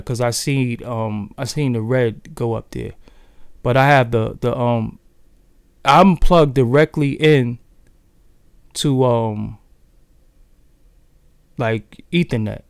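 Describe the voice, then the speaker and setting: A livestream host with a Brooklyn, New York accent chats with his viewers in a loose, profane way, talking straight to the chat. His voice sits on the high side and is a little mellow, with a clean tone. The recording is studio quality with no room sound.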